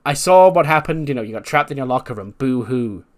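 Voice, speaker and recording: A man's voice: mid-range voice, animated, fairly quick, close to an everyday voice. Brash, boastful female wrestler, combative, rambling delivery, as a man reads her. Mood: scolding. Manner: rambling, stumbling restarts.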